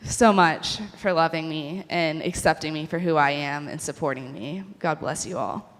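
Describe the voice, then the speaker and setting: A woman giving a heartfelt graduation speech, pausing and laughing as she thanks her classmates. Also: sits low, fairly even intonation, a little hiss or hum. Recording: long hall reverb.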